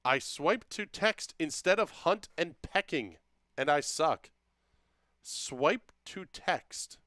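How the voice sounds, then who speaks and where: Male stream host, casual and jokey, smooth voice, dry close mic. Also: a little high, expressive, a little slow, bright, forceful tone, no echo. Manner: joking, drawling, talks to viewers by name. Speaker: livestream host. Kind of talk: casual livestream chat reading comments.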